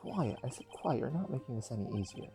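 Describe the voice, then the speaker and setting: A man voicing a stern father giving firm, clipped commands to keep others calm. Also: fairly high pitch, fairly quick, vocal fry, soft background music, pitched above the performer's own voice.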